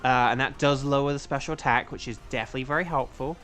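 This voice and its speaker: A man who voices games, streaming a game and chatting casually, thinking aloud and breaking into loud playful outcries. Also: medium pitch, fairly even intonation, fast talker, soft background music. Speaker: streamer and voice actor.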